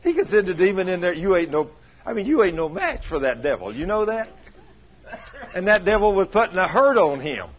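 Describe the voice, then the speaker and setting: A man preaching, telling a homespun story to his congregation, teasing them, dropping to a murmur and then rising to excited exclamations. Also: high-pitched, fairly quick. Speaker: pastor. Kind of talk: folksy storytelling sermon. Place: church sanctuary. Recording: muffled lo-fi church recording.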